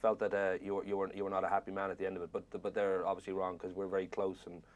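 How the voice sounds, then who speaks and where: A man's voice: deep voice, monotone, racing. An Irish man interviewing an actor, asking long rambling questions with jokes. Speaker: film interviewer.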